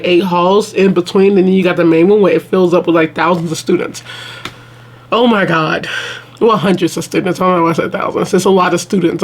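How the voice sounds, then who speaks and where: A young adult woman telling stories on her vlog in a casual chat, animated and laughing as she talks straight to her viewers. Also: on the low side. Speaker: vlogger.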